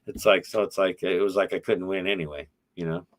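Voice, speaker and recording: A man's voice: low voice, steady tone, fairly quick. A middle-aged man hosting a casual podcast chat, telling rambling, profane, wry stories about his YouTube channel.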